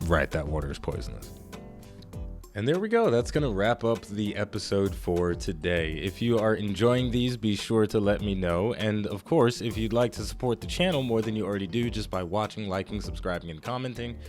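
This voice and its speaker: A man with a naturally deep voice hosting a gaming channel, giving chatty, rambling commentary as he plays. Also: brisk, few pauses, faint music behind. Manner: chatty, rambling, self-correcting. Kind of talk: let's play commentary.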